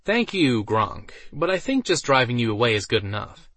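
A man's voice: mid-range voice, very animated, normal speed, fairly bright tone, no room sound. A man voicing a vain, pompous male mage who declaims theatrically. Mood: smug.

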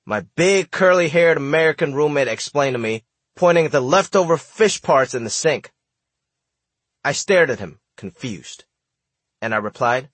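A man's voice: a little high, lively intonation, moderate pace, fairly bright tone, breathy edge, no room sound. A man from Hong Kong reading his own memoir aloud in a wry, comic storytelling manner. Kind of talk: audiobook narration.

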